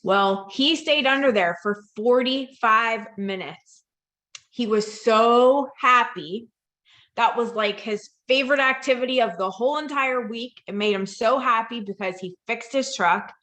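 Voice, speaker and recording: A woman's voice: a little high, unhurried. A woman who works in dementia care, telling a story to a virtual audience over a video call and acting out the dialogue. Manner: lively storytelling that acts out quoted dialogue. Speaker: dementia care professional and presenter. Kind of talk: storytelling presentation.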